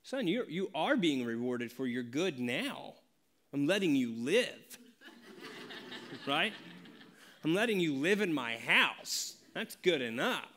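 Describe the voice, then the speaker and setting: A male pastor giving a conversational church sermon, animated and laughing as he acts out family stories. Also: a little high, slow pace, pauses often. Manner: animated, laughing, acting out dialogue. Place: church sanctuary.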